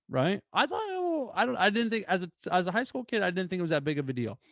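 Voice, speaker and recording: A man's voice: sits high, fast talker, creaky, no room sound, studio quality. Young man telling a story. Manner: animated, lots of "like" fillers. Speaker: podcast host. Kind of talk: casual storytelling monologue.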